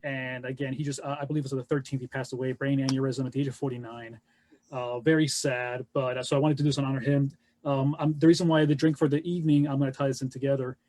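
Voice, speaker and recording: A man co-hosting a casual live webcast, talking haltingly with many restarts. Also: medium pitch, level tone, a little mellow, no echo. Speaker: co-host.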